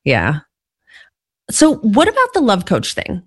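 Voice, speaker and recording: A woman's voice: medium pitch, wildly swooping pitch, slow pace, husky, no echo, clean studio sound. A woman hosting an interview, asking curious follow-up questions. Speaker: podcast host. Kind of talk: casual interview conversation.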